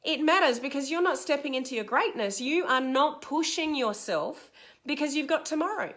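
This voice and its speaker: A middle-aged woman with an Australian accent, giving a direct, energetic motivational talk as a coach on a live stream and reading out viewer comments as she goes. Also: sits high, moderate pace. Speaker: online business coach.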